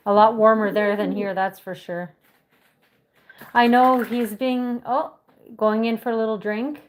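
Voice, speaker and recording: A woman's voice: fairly high pitch, steady tone, a little slow, a little hiss or hum. Rambling woman on a live stream. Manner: rambling, loose, full of "like" and "you know". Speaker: livestream host. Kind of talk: casual live-stream chat. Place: outdoors in snowy cold with a pet goose.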